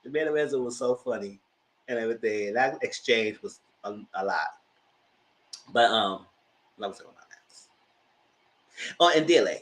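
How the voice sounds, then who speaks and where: A man casually recapping a reality TV show, retelling scenes with animated quoted voices. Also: normal speed, long pauses, low-quality recording. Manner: animated retelling, jumps into high squealing voices when quoting others. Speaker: commentator.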